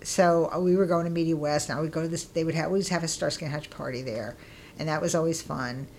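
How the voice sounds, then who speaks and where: A middle-aged woman being interviewed, telling stories in a casual, lively way and acting out what people said with bursts of laughter. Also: low-pitched, fast talker, a little hiss or hum. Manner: lively, acts out quoted voices with laughter. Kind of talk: casual storytelling.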